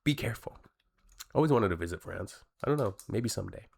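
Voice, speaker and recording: Canadian guy hosting a reaction video, lowish voice, frank and talkative with his viewers. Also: animated, fast, creaky, darkish tone, breathy edge. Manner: blunt, chatty, addresses viewers. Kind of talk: casual reaction commentary.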